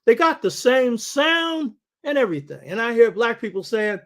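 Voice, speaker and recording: High-voiced older man lecturing like a preacher. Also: expressive, normal speed, hardly any pauses. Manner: preaching cadence, calls out to listeners for agreement. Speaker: show host. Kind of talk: lecture-style radio talk.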